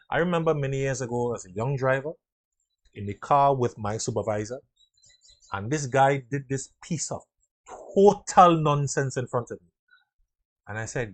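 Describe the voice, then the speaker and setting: A middle-aged man giving a motivational talk on leadership, earnest, acting out quotes and sounds, swinging between loud and soft. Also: mid-range voice. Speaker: leadership speaker.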